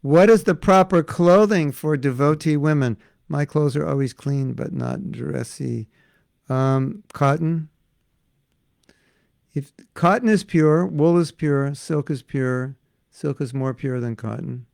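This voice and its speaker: An older man leads a relaxed devotional class in a gravelly voice. He talks casually, fields questions and now and then slips into chanted prayers. The sound is dry and close to the mic. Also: mid-range voice, measured pace, dry recording. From United States. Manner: chatty, answers questions from the audience. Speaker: spiritual teacher.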